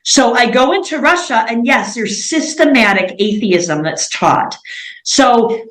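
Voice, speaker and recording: A woman's voice: a little high, animated, unhurried, fairly bright tone, reverberant, rough recording. A woman in her forties from the United States, a missionary guest speaking earnestly in an interview, often filling gaps with "like" and "um". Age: 40s. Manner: earnest, many fillers like "like" and "um". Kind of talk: interview conversation.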